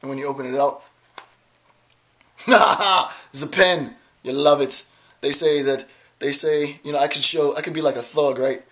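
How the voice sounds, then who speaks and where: A man's voice: mid-range voice, level tone, brisk. A man talking to the camera in a rambling philosophical monologue, playful and digressive, often checking in with "right?". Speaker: video blogger.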